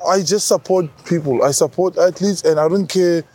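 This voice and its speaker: South african guy in his 30s chatting loose, lots of bro, kinda husky and dark. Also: high-pitched, normal speed. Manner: relaxed storytelling, says bro a lot, many restarts. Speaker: rugby captain guest. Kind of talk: casual interview chat.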